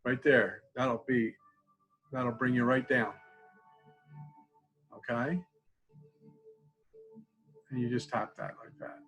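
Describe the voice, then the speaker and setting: Older male clinician, calm and instructive, webinar on a video call, mid-pitched. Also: slow, long pauses, faint music behind, rough recording. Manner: calm instructive, often drops to quiet repeated phrases. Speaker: college student support clinician. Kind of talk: webinar teaching a tapping technique.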